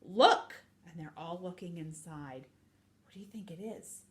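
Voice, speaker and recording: A woman who is a children's librarian, reading a storybook aloud with expressive, animated storytelling. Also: lowish voice, normal speed.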